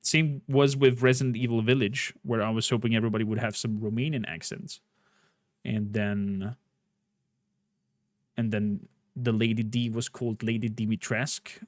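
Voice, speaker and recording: A man's voice: fairly low pitch, little pitch movement, normal speed, no room sound. A man streaming a game, chatting casually and rambling through a recap. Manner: rambling, chatty, with frequent fillers. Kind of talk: casual gameplay commentary. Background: faint game music.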